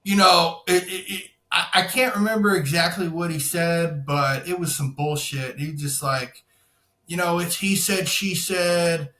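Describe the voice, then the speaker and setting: A young man with a high, bright voice tells a story on a podcast. He swears a lot, acts out each character, and sounds animated. The room is echoey. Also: unhurried. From Florida. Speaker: podcast guest, insurance salesman. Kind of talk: casual storytelling.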